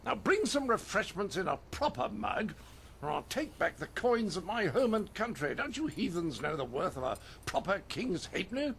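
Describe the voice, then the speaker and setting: Haughty nobleman, high and swooping, condescending, faint background hum. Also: big pitch swings, normal speed, gravelly, a bit bright, heavily acted. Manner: pompous, condescending. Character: pompous foreign nobleman, haughty and scornful.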